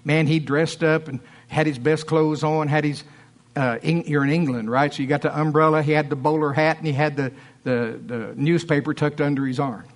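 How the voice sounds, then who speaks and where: A man's voice: a little high, steady tone, normal speed. A man preaching a sermon, telling stories with animation and acting out the people he quotes.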